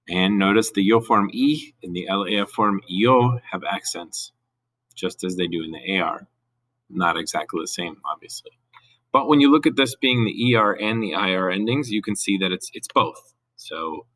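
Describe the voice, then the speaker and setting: A man's voice: lowish voice, pushed and bright, no echo. A man teaching a recorded Spanish grammar lesson, who explains patiently and switches between English and Spanish.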